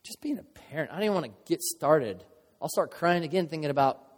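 A man's voice: on the high side, lively intonation, fast talker. A man preaching a sermon as a pastor, earnest and conversational, with emotional moments and playful asides. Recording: long reverb of a large hall.

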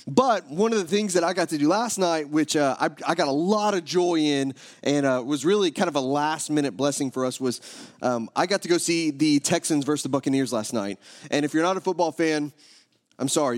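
Thirtysomething guy preaching, kinda high voice, jokes around and trips over his words. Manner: joking, self-interrupting storyteller. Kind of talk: sermon with prayer and personal story.

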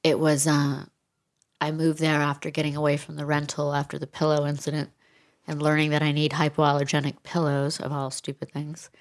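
A woman with a low voice talks candidly as an interview guest. She is reflective and frank, dropping dry asides along the way. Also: completely flat delivery, brisk.

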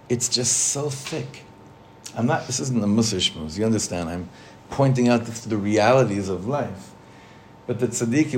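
Chatty rabbi teaching a class. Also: male voice, mid-range voice, darkish tone, slight background noise. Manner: conversational, asks the group questions, mixes in Hebrew terms. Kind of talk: casual Torah class.

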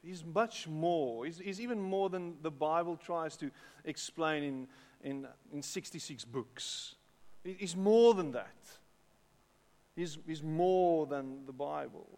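A man's voice: fairly high pitch, slow, darkish tone. A man with a South African English accent preaching a sermon, chatting with the congregation and often repeating words. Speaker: pastor. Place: church hall with long reverb. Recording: echoey hall.

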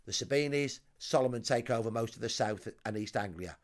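A man's voice: medium pitch, a little fast. A man, a historian guest telling a vivid story with emphatic, dramatic lists. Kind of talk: storytelling explanation.

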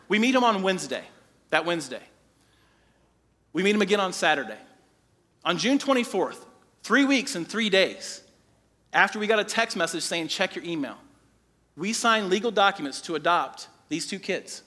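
A pastor in his forties preaching a sermon, telling a personal story with lively quoted dialogue. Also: fairly high pitch, a little fast. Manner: animated storytelling, quoting people in his own voice.

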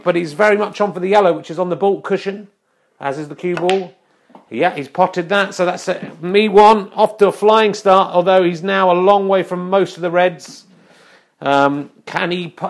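High-voiced man doing mock snooker commentary. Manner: wry, mock-serious, quick asides. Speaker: comic mock sports commentator.

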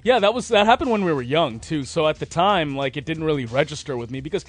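A man's voice: a little high, expressive, fast talker. A man co-hosting a sports podcast, chatting casually and joking with friends. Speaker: podcast co-host. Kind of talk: casual chat.

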